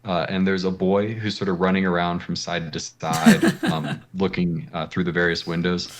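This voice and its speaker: A man with a very low voice runs a tabletop game as its game master. He describes each scene in a halting way, filling pauses with ums and uhs. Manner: hesitant, many ums and uhs.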